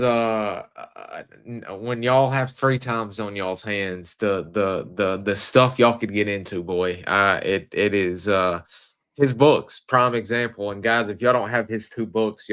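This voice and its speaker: A man hosts a casual interview, talking in a folksy, halting way. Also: on the low side, a bit bright, clear, resonant tone. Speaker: podcast host.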